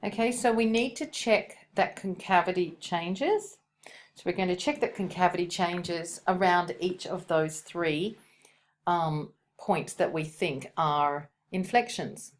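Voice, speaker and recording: A woman's voice: lowish voice, takes it slowly. A woman teaching a recorded maths lesson, thinking aloud as she works and correcting herself now and then.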